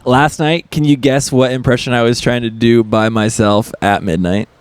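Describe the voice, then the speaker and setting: A man co-hosting a comedy podcast, tossing in quick teasing quips. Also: medium pitch, fairly even intonation, slight background noise. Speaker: podcast co-host. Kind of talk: casual comedy chat.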